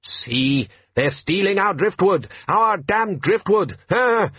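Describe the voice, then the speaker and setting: A man's voice: high voice, lively intonation, slow, slightly rough, no echo, lo-fi sound, voice pushed up, full character voice. A man playing an indignant, blustering fisherman father.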